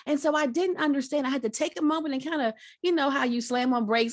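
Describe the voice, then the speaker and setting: A middle-aged woman gives a lively motivational talk in a fairly high voice. She talks straight to her listeners like a preacher. The sound is dry and close, as on a video call. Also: quick pace, few pauses, no echo. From Virginia, United States. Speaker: guest speaker.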